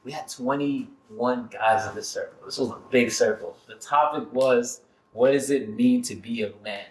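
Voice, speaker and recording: A man who leads a men's support circle, telling stories in an animated way in a casual podcast conversation. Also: medium pitch, normal speed, slight background noise. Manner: animated storyteller. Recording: echoey room.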